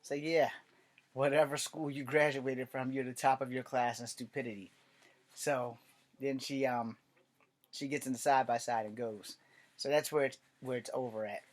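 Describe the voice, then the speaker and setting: Male writer-host, casual storytelling vlog, rambling and profane, mid-pitched voice. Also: fairly even intonation, normal speed.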